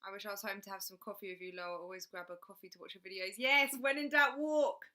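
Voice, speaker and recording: A woman's voice: mid-range voice, flat delivery, very fast, bright, forceful tone. A woman chatting casually on a livestream, reading out viewer comments and laughing often. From England. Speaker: livestream host.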